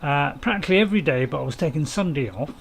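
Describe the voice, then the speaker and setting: A man's voice: on the high side, lively intonation, fast talker, vocal fry, a little hiss or hum. A man, casually commenting on a farming game while streaming and chatting to viewers in a rambling, self-mocking way.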